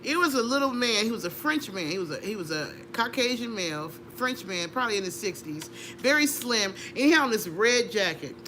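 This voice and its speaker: A middle-aged woman, an interview guest, telling a personal story with animated energy, laughing and acting out voices. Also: mid-range voice, a little fast, background noise. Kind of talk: conversational storytelling.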